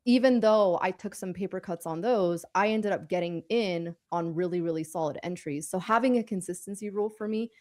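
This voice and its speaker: Woman, lowish voice, casual chat, rambling, self-correcting. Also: brisk, few pauses, a little mellow. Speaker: co-host of a live trading stream.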